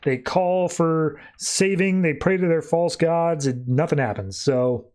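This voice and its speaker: Man casually recapping comics, slightly high voice. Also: a little slow, darkish tone. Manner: loose storytelling that acts out quotes with "he's like". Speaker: podcast host.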